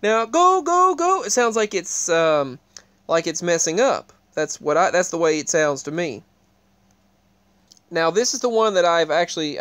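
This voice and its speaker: High, smooth-voiced man talking to camera. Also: no echo. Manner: rambling, with frequent restarts; points viewers to what is on screen. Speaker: video creator. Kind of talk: casual talk to camera.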